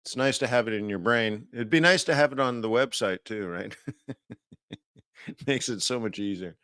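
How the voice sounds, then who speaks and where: A man's voice: lowish voice, normal speed, fairly bright tone, no room sound. Man, live-stream market host, casual, rambling, many fillers, dry close sound.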